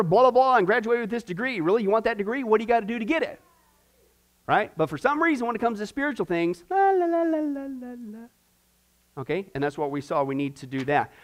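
A middle-aged pastor leads a church class in a high, lively voice that swings all over. He keeps asking the room questions and answering them himself. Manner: animated, asks the class many questions. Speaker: pastor teaching a discipleship class. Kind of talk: informal church class teaching.

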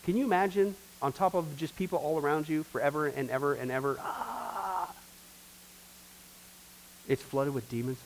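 A man's voice: a little high, steady tone, fast talker, few pauses, slight background noise, low-quality recording. A man teaching a church discipleship class in an emphatic preaching style, repeating phrases and talking straight to the group. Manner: emphatic, repetitive, addresses the class directly.

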